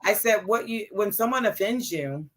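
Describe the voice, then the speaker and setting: A middle-aged woman co-hosting a casual chat show, telling stories in an animated way and acting out the dialogue. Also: medium pitch, moderate pace, low-quality recording. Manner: animated storyteller, acts out dialogue. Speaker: co-host.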